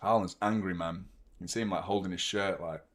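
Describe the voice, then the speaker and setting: A man, hosting a football watchalong with excitable, rambling commentary and frequent swearing. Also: low voice, a little fast. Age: 30s. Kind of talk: live match commentary and chat.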